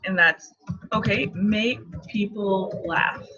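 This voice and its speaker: A woman's voice: mid-range voice, takes it slowly, sharp tone, slight background noise. A woman in her thirties, a marketing coach, teaching casually and playfully while laughing often. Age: 30s. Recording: dull lo-fi recording.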